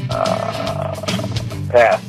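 A man's voice: rumbling low, wildly swooping pitch, drawn-out words, vocal fry, over music. A man who reads the overnight news, now a quiz contestant giving hesitant answers with dry humor. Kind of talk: quiz answers and casual banter.

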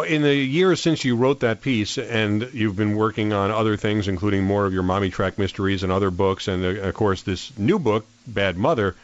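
A man interviewing a guest on the radio, asking calm, brief questions. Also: mid-range voice, dull audio.

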